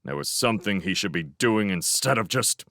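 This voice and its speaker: A man giving a dramatic fan reading of a novel, swinging between tense urgency and hushed lines. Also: fairly low pitch, animated, normal speed, dry recording, studio quality. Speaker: audiobook reader.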